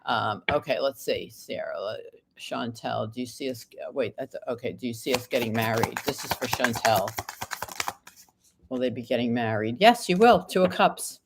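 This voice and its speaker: Against a noisy background, a woman with a rumbling low voice speaks at a moderate pace. She's doing a live tarot stream while getting over an illness, reading viewers' questions aloud and answering card by card.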